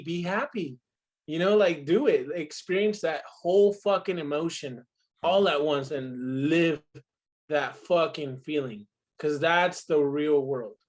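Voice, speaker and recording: A man in his twenties in casual podcast chat, telling stories emphatically and swearing freely. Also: fairly high pitch. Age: 20s. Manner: profane, emphatic storytelling.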